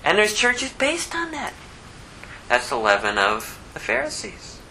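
A man preaching a conversational sermon, asking rhetorical questions and dropping low to act out quotes. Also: huge pitch swings, measured pace, creaky, pushed and bright, slight background noise, low-quality recording. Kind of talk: expository sermon.

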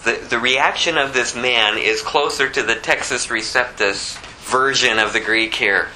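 A man preaching an expository sermon, shifting between low scripture reading and high, pleading acted prayers, with a conversational delivery full of asides. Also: measured pace, sharp tone, slight background noise, low-quality recording.

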